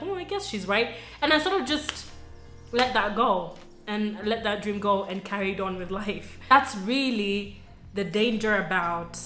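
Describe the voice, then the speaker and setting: A woman's voice: medium pitch, a bit bright. Earnest woman vlogger in a roomy space. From Sudan. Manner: earnest, reflective, conversational with frequent "you know" and "like". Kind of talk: personal storytelling to camera. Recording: roomy echo with faint music.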